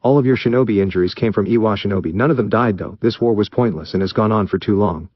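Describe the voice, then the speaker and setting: A man's voice: on the low side, quick pace, dry recording, muffled recording, lightly acted. A man doing a blunt, weary ninja leader. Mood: matter-of-fact.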